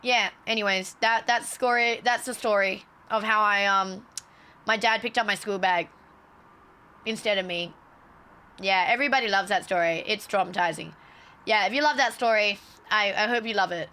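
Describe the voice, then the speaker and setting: A woman's voice: medium pitch, normal speed, sharp tone. A young woman streamer telling a story casually on a livestream, swearing freely and acting out the quotes.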